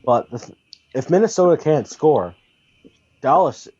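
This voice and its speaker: A man co-hosting a podcast, chatting about hockey in a casual way, thinking aloud and getting animated. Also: on the high side, unhurried, slightly rough. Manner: thinks aloud with fillers and restarts, then gets animated. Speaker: podcast co-host. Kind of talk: casual sports chat. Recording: dull lo-fi audio.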